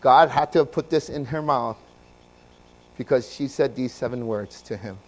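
A man preaching a sermon, moving from quiet, low passages to loud, emphatic ones and asking his listeners questions. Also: normal speed, a little hiss or hum. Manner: swings from soft and low to loud and emphatic, asks the congregation questions. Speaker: pastor.

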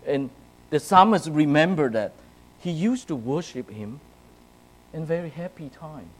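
A man's voice: a little high, expressive, measured pace, a little hiss or hum, poor audio. A man preaching a sermon to his congregation in a conversational way, often checking in with "right?" and "okay?". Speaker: pastor. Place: church, speaking to a congregation.

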